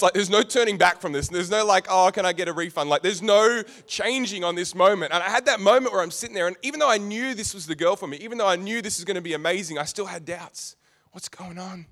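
A young man preaching a sermon, telling stories with humorous asides. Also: high voice. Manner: storytelling, animated, with humorous asides.

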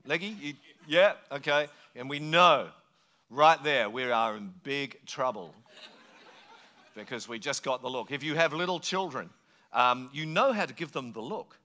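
Bright-voiced pastor telling stories. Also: male voice, mid-range voice, unhurried. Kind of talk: sermon with storytelling.

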